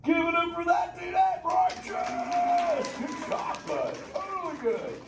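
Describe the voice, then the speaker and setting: A man's voice: extremely high pitch, wildly swooping pitch, slow pace, far from the mic, music in the background, crowd noise, voice pushed up, full character voice. A man voicing a laid-back surfer sea turtle dude who talks in drawling surfer slang, playful and teasing the audience. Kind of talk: live interactive show character. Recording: echoey theater from afar, noisy.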